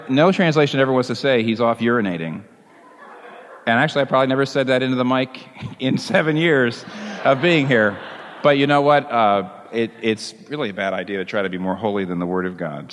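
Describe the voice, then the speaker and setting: A man preaching a sermon as a pastor, telling the story in a lively way and chuckling along with it. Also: mid-range voice, fairly quick, big-room sound.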